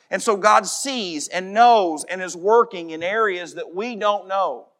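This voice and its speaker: A middle-aged man preaching a sermon as pastor, emphatic, dropping to a soft voice in prayer. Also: high-pitched, unhurried, hardly any pauses.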